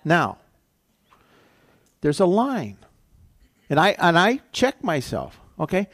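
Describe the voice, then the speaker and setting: A man's voice: high voice, wildly swooping pitch, takes it slowly, a bit bright, dry recording, clean studio sound. An older man preaching a sermon as pastor, telling a personal story in a conversational way with frequent restarts. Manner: conversational, storytelling with self-corrections.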